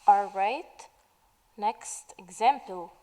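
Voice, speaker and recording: Slow, patient woman teaching idioms. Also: mid-range voice, dark tone, in a large hall, rough recording. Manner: slow, patient, asks questions and answers them. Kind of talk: slow explanatory lesson narration.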